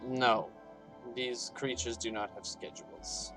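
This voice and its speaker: A man narrating a tabletop game as game master, taking his time, unhurried and halting. Each line drags out with fillers, and soft background music sits beneath it. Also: mid-range voice.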